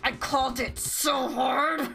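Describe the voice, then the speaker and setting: A woman streaming a video game, chatting casually into a desk mic, excitable, laughing often and swearing offhandedly. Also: high voice, slow pace, gravelly. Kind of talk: casual gaming stream commentary. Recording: game music playing behind.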